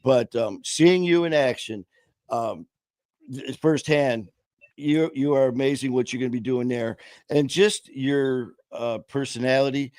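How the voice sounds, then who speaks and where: A man's voice: mid-range voice, measured pace, no room sound. Rambling man hosting a live stream. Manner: warm, rambling, full of fillers and restarts. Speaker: host. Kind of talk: casual interview chat. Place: home studio on a live stream call.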